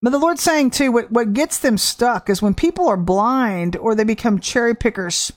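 A woman preaches a prophetic word with fervent emphasis. Her fairly high voice stretches some phrases slowly and rushes through others. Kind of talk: prophetic sermon.

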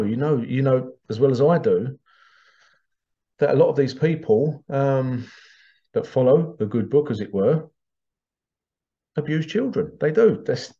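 A podcast host talks in a casual, wandering monologue, restarting phrases and chuckling as he goes. His voice sits at an ordinary pitch with a dark, relaxed tone, and the recording sounds dull and lo-fi. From Britain. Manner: rambling, conversational, laughs often, frequent restarts.

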